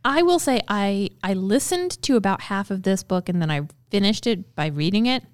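A woman's voice: medium pitch, expressive, moderate pace, no room sound, clean studio sound. A woman in casual book-club chat who acts out quoted lines and laughs often. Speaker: book club podcast host.

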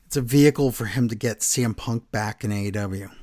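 A man's voice: on the low side, fairly quick, a little mellow. A man co-hosting a casual podcast, talking in a sarcastic, joking way. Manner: sarcastic, does mocking impressions. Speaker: podcast co-host. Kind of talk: casual wrestling chat.

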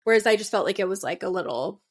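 A woman's voice: medium pitch, lively intonation, quick pace, slightly rough. A young woman co-hosting a podcast, chatting casually with lots of fillers and giggles. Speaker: podcast co-host. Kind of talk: casual chat.

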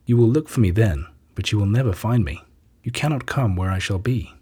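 A man voicing a calm male teacher who speaks with measured, earnest authority in a scripture reading. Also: lowish voice, slightly rough.

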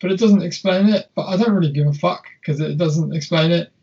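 A man's voice: fairly high pitch, fairly quick, gravelly, darkish tone, husky, muffled recording. A young man co-hosting a casual film chat, rambling and swearing freely with many restarts. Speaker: podcast co-host.

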